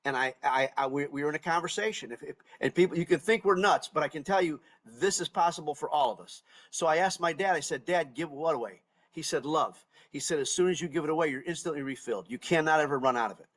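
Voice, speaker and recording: A man's voice: fairly high pitch, fast, hardly any pauses, a bit bright. A middle-aged man hosting a podcast, speaking earnestly and emphatically, often repeating and restarting words. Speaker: podcast host. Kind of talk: casual interview chat.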